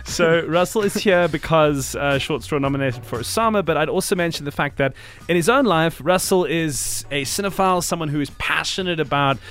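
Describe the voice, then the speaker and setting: A man with a South African accent hosting a casual radio chat in a studio, talking quickly with hurried asides. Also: fairly high pitch, fairly bright tone. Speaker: radio host.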